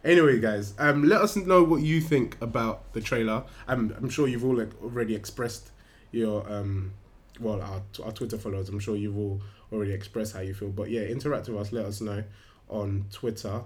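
A man's voice: on the low side, moderate pace. A young man co-hosting a casual podcast, rambling through his points with restarts and frequent laughter. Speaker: podcast co-host. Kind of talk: casual chat about films.

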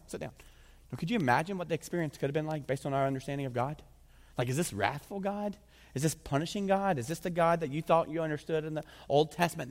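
A man preaching a sermon as pastor, animated and conversational, his voice climbing high when he presses a point. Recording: long hall reverb.

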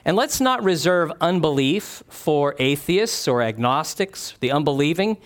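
Guy preaching a sermon, fairly high voice that swings all over, acts out the quotes. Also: measured pace. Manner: animated, acts out quoted voices with sudden drops.

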